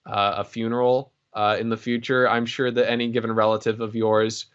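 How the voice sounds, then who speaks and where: A man's voice: medium pitch, little pitch movement, a little fast, smooth, muffled recording. Rambling, jokey male podcast co-host. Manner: rambling, jokey, lots of fillers. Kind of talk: casual podcast chat.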